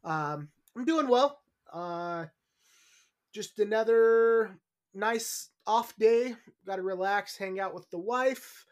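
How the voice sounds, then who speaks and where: A man's voice: high-pitched, slow pace. A man hosting a casual sports podcast, joking and rambling as he chats into his own microphone. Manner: jokey, rambling. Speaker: podcast host.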